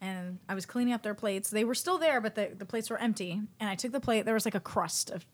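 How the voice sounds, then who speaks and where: A woman's voice: mid-range voice, fast. A woman in casual chat, telling a work story in a blunt, profane way. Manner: blunt, profane, laughs while telling stories.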